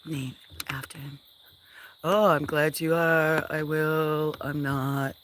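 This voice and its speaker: A woman on a casual farm livestream, chatting with viewers and talking softly to her animals. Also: low-pitched, steady tone, slow pace. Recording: outdoor noise with chirping crickets. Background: crickets and insects.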